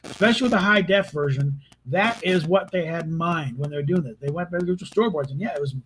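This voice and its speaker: A man's voice: fairly high pitch, fast, a bit bright, a little hiss or hum, rough recording. A man giving casual, rambling spoken commentary on a film, with frequent restarts and exasperated asides. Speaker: video host reviewing a film.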